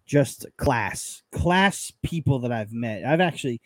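A man's voice: medium pitch, animated, a little slow, dry recording. Friendly, chatty male podcast co-host. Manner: friendly, chatty, warm praise for fans. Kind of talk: casual live-stream chat.

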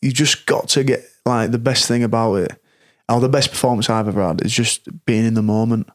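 A man co-hosting a casual chat, encouraging and quick to agree. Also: medium pitch, steady tone. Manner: encouraging, frequent agreeing backchannels.

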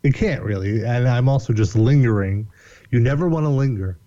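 A man spins a long, rambling story as a podcast guest, animated and quick to swear and laugh. His voice is dark and mellow, and the recording sounds slightly dull. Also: medium pitch. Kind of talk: casual storytelling.

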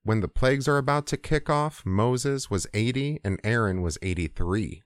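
A man's voice: mid-range voice, moderate pace, no room sound, clean studio sound. Casual, profane male storyteller. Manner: casual, profane, hesitant fillers. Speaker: podcast host. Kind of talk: crude comedic storytelling.

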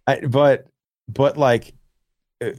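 A man's voice: medium pitch, steady tone, takes it slowly, darkish tone, dry recording. A young man co-hosting a podcast, telling blunt, profane, rambling stories in casual chat. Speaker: podcast co-host.

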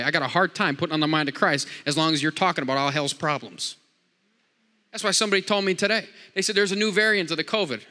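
Heard with a long hall reverb, a preacher with a fairly high, bright, forceful voice jokes with his congregation. He repeats lines and leans on call-and-response, with amens coming often.

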